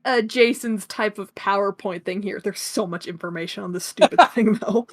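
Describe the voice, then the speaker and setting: A woman's voice: medium pitch, moderate pace. A woman co-hosting a casual gaming podcast, giggling often as she explains things. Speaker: podcast co-host. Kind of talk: casual chat.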